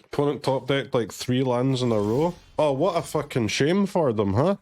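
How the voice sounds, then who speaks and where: A man's voice: mid-range voice, animated, normal speed, a little mellow. A man from Glasgow streaming a card game and chatting sarcastically, joking and swearing freely in a neutral streamer voice. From Scotland, Glasgow. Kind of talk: casual commentary while gaming.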